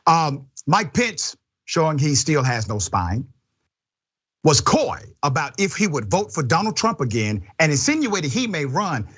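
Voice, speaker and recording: A man hosts a political talk show, talking emphatically with a husky edge. His pitch swings up and down a great deal. The sound is slightly dull and lo-fi. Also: measured pace. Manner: emphatic, lively. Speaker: host.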